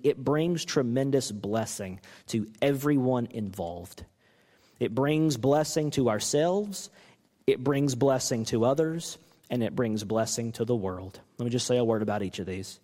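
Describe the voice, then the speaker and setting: Male pastor mid-sermon, lively swinging delivery, reverberant sanctuary. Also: medium pitch, moderate pace. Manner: animated, acts out quoted coaches with rising voice.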